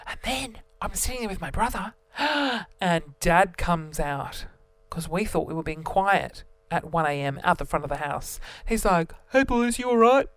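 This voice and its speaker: Animated young guy, dry close sound. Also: a little high, moderate pace, no room sound. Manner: animated, theatrical, jumps between registers. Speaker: vlogger. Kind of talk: casual storytelling to camera.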